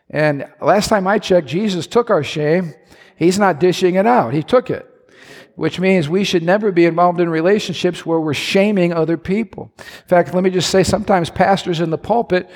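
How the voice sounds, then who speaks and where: A man's voice: high-pitched, a little mellow. A male pastor preaching a sermon in a church, conversational with asides and restarts. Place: church sanctuary. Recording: long hall reverb.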